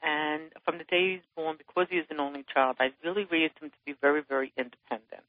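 A woman calling an advice show, speaking earnestly and emotionally, with halting restarts. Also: deep voice, no room sound, phone-quality sound. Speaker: caller. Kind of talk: phone-in conversation.

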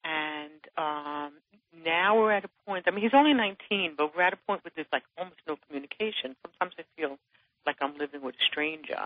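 A woman's voice: low voice, no room sound, dull audio. Earnest woman calling in. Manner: earnest, emotional, halting. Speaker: caller. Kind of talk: phone-in conversation.

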